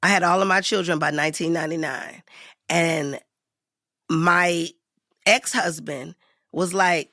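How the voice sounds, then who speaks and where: Bright, lively woman telling stories. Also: fairly low pitch, a little slow, long pauses, dry recording, clean studio sound. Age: 50s. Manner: animated, acts out voices in her stories. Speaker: interview guest, actor. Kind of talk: storytelling interview.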